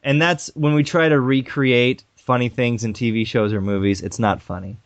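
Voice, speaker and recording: A man's voice: medium pitch, fairly even intonation, normal speed, no room sound, highs cut off. A man co-hosting a comedy podcast, joking around in casual chat. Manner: jokey, playful, slips into goofy impressions. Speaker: podcast co-host.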